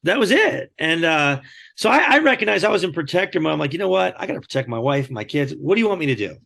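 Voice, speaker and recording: A man's voice: on the high side, quick pace, gravelly. A man, a podcast guest, telling a story animatedly and acting out quoted lines. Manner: animated, acts out quoted dialogue. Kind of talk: storytelling in conversation.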